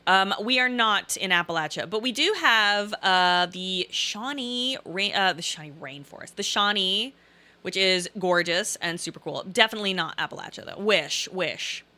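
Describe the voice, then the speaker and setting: A woman's voice: medium pitch, animated, normal speed, pushed and bright. A middle-aged woman from Southern Illinois with a faint Southern Illinois accent, rambling emphatically and repeating herself in casual live-stream chat while reading out comments.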